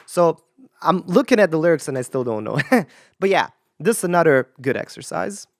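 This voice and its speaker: A woman's voice: sits low, animated, normal speed, dry recording, studio quality. A woman vocal coach talking casually while she reacts to clips and tries the exercises, often thinking aloud and hedging her opinions. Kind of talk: casual commentary with sung demonstrations.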